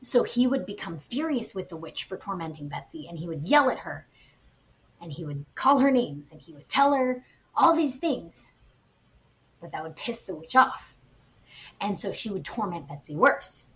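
A woman co-hosting a podcast, retelling a spooky story in a casual, animated way with plenty of fillers. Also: lowish voice, normal speed, highs cut off. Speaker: podcast co-host.

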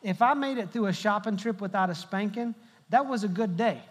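High-voiced man preaching in a reverberant hall. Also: brisk. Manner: storytelling, joking with the congregation. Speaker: pastor. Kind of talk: humorous sermon. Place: large church hall.

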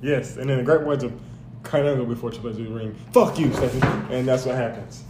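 A man co-hosts a joking wrestling podcast at a middling pitch. He chimes in with deadpan agreement and delivers mock-solemn plugs for the show. The room is echoey, with faint noise behind. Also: quick pace. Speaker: podcast co-host. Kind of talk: casual comedic wrestling recap.

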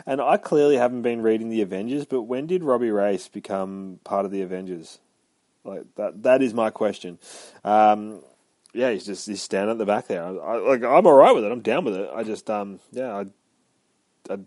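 Dude rambling through a comic recap, swears constantly, goes off on rants, dry mic. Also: male voice, fairly low pitch, normal speed, darkish tone, dry recording. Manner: rambling, heavy swearing, ranty asides. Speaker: comic book podcast host.

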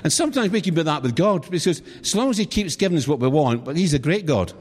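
A man's voice: a little high, expressive, quick pace, darkish tone, husky. A middle-aged British man preaching a sermon, telling humorous stories and asking the audience questions. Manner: humorous, chatty storytelling with asides to the audience. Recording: long hall reverb.

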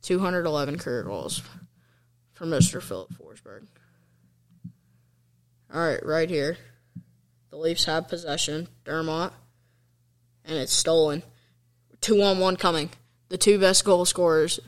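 A young man giving casual, excitable commentary over hockey highlights, chatty and fan-like, with fillers and slang. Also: a little slow, pauses often, clear, resonant tone.

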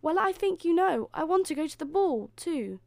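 A woman voicing Cinderella, a gentle, hopeful young woman, in a storybook reading. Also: very high voice, lively intonation, normal speed, gravelly, no echo, voice pushed up, heavily acted.

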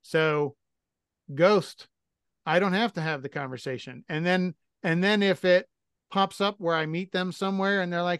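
A man's voice: high voice, moderate pace, a bit bright, smooth, dry recording, studio quality. A middle-aged man co-hosting a podcast, telling stories in a blunt, profane, self-mocking way. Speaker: podcast co-host. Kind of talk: casual chat.

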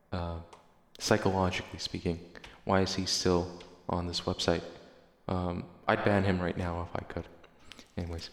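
A man's voice: low voice, fairly even intonation, unhurried, vocal fry. A male podcast host in casual chat, reading listener replies aloud in a profane, sarcastic, rambling way. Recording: echoey room with long reverb.

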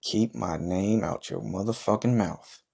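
Low-voiced guy talking trash, loud and cocky, cussing nonstop in a comedy rant. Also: a little slow, vocal fry, husky. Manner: brash, profane, boastful trash-talking. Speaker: podcast host in a comic wrestler persona. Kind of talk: comedic trash-talk monologue.

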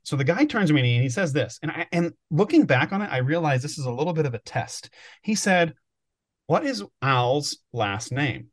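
A man's voice: on the high side, sing-song, fast. A man co-hosting a podcast, telling stories in a rambling, thinking-aloud way during casual chat. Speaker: podcast co-host.

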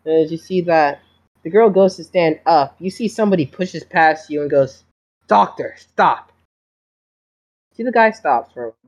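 A woman's voice: sits low, lively intonation, a little fast, darkish tone, lo-fi sound. A woman narrating as game master in a casual, rambling way. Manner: casual, rambling, restarts often.

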